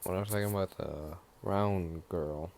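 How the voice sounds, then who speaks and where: A man's voice: deep voice, normal speed, vocal fry, darkish tone. A man voicing an arrogant, resentful young male rival in a fan story.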